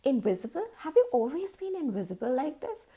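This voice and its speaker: A woman's voice: high voice, very animated, fairly quick, mellow, pitched above the performer's own voice. A woman voicing a curious, polite little girl who speaks hesitantly.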